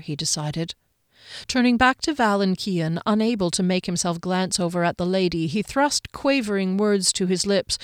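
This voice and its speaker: A woman narrating a fantasy novel aloud in a calm, even storytelling manner. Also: moderate pace, clear, resonant tone, dry recording, studio quality. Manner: calm, even storytelling that shifts pitch for quoted characters.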